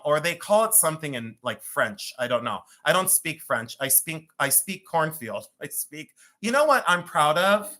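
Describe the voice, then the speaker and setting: A man's voice: fairly high pitch, bright, forceful tone. A man in his fifties with a Cleveland accent, chatting and joking as he sells jewelry on a live stream, rambling and laughing often. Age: 50s. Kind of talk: chatty live-sale banter.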